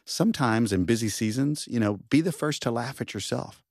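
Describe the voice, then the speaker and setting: A man's voice: medium pitch, expressive, brisk, darkish tone, no echo, clean studio sound. A middle-aged man speaking earnestly and passionately as a guest on a faith podcast. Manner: earnest, passionate, self-reflective.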